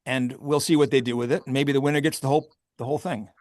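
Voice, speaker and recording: A man's voice: mid-range voice, fairly even intonation, quick pace, dry recording, clean studio sound. A man who owns a vineyard, talking candidly and with wry humor in a casual interview, often laughing. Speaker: vineyard owner and grape grower.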